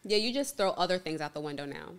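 A woman's voice: lowish voice, animated, fast, clear, resonant tone. A young woman on a casual podcast, needling and teasing one of the hosts. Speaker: podcast co-host. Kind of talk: casual chat.

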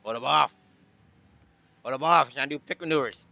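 A man's voice: mid-range voice, fairly quick, gravelly, no room sound. A man commentating his car soccer match, bossing and mock-scolding his teammates as a pretend team owner. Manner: trash-talking teammates as a mock team boss, hype and yelling. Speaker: gaming YouTuber. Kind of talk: playful rocket league commentary.

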